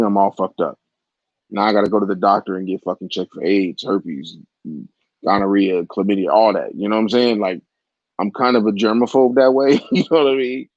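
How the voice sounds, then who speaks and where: A vlogger in his forties, speaking in a lowish, darkish voice, rambles through a crude, raunchy personal story and keeps turning aside to address the listener. The audio is dull, lo-fi and dry.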